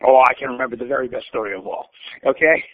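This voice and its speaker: A man's voice: mid-range voice, fast, dry recording. Blunt older man on a phone line. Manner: blunt, opinionated storyteller. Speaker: guest. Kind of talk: conversational interview.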